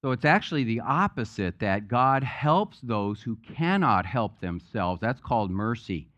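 A man's voice: medium pitch, big pitch swings, unhurried, a bit bright, lo-fi sound. A man preaching a sermon as pastor, speaking conversationally and mixing in jokes. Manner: conversational, joke-telling preacher. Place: church sanctuary.

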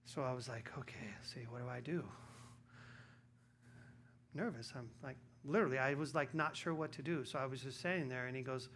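A male pastor telling a personal story in a sermon, moving from hushed storytelling to loud, emphatic preaching. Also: medium pitch, normal speed, long pauses, slight background noise.

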